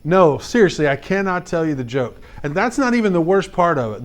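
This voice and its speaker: Man telling a lively story to kids. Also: on the high side, fairly quick, few pauses. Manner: animated, chatty storytelling with repeated "like" and direct questions to kids. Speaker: teacher. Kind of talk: storytelling lesson for fifth graders.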